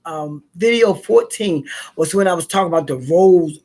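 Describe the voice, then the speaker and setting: Woman, husky voice, chatty vlogger who prays and laughs easily. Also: on the low side, moderate pace. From North Carolina, USA. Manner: chatty and expressive, laughs often, repeats herself while finding words. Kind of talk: casual talk to camera, opening with a spoken prayer.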